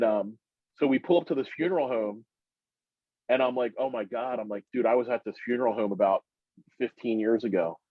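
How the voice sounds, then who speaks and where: Sharing a long personal story as a podcast guest, a middle-aged man meanders casually and grows animated, his pitch shooting much higher as he gets worked up. The recording is muffled and dry, with no room sound at all.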